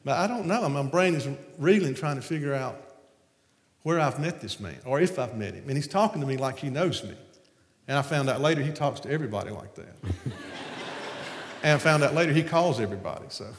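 A man with a Southern American accent telling a story to an audience in an animated, laughing way. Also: mid-range voice, a little fast. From Southern United States. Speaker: speaker on stage. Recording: echoey hall with long reverb.

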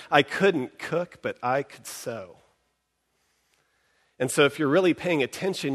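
A man giving a sermon in an animated, conversational way, often putting rhetorical questions to his congregation. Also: on the high side, in a large hall. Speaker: preacher.

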